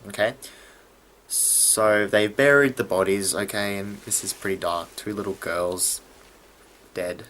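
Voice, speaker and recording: Excitable low-voiced man reviewing a show. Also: measured pace, slight background noise. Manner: excitable, stumbling and restarting mid-sentence. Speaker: TV episode reviewer. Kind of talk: casual video review.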